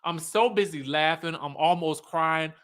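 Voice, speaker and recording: Sassy high-voiced man hosting a live recap. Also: a little slow. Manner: sassy and animated, laughs often; talks straight to viewers, reads their comments aloud. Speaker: YouTube host recapping a reality show. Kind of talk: livestream recap commentary.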